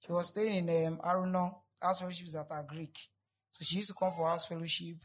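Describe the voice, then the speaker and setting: A man delivers a sermon in a high, bright voice. He repeats key lines and swings from quiet asides up to loud, emphatic peaks. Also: flat delivery, brisk, low-quality recording. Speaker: pastor.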